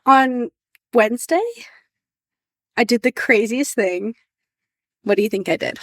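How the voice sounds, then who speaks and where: A woman's voice: on the high side, unhurried, fairly bright tone, dry recording, clean studio sound. A woman co-hosting a podcast in casual chat, upbeat and enthusiastic. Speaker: podcast co-host.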